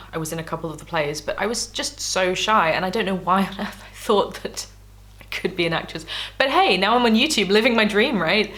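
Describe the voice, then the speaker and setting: A woman's voice: fairly low pitch, a bit bright. A woman vlogging casually as she reads her old diaries aloud, candid and self-mocking, laughing often. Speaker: YouTuber.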